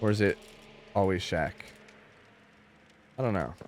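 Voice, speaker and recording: This is casual livestream talk from a young man gaming at home, his voice sitting low at a measured pace over a faint hiss or hum. He curses a lot, rants energetically, and keeps talking to his chat.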